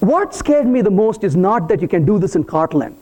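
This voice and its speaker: Animated guy doing a conference tech talk, high voice that jumps all over, kinda mellow tone, jokes with the crowd. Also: fairly quick. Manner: animated, playful, teasing the audience. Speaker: conference speaker. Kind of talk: live technical talk to an audience. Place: conference hall.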